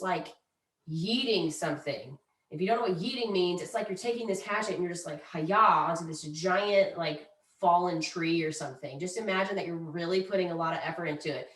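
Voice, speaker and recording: A woman teaching calming breathing exercises in a chatty, playful way, demonstrating each one aloud. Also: mid-range voice. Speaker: mindfulness instructor. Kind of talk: casual instructional talk.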